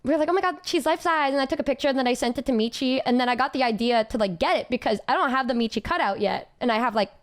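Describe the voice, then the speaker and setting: A woman's voice: high voice, racing, few pauses. A woman streamer telling a story in a casual chat, giggly and rambling with lots of fillers.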